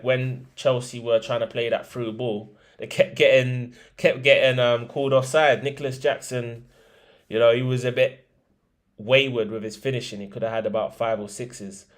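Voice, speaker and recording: Chatty lad talking football. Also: male voice, mid-range voice, steady tone, normal speed. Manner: chatty, slangy, with fillers and restarts. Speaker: football podcast host. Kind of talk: casual football chat and predictions.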